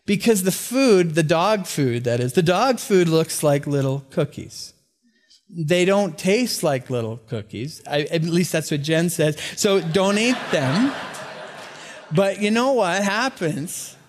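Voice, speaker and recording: High-voiced middle-aged male pastor preaching. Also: expressive, slow. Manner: conversational, stammers on repeated words, jokes with the congregation. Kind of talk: sermon.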